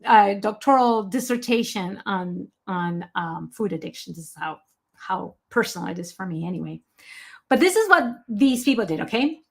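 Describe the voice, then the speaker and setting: A woman giving an online health presentation, talking with emphasis and breaking off to apologise and answer viewers by name. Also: on the high side.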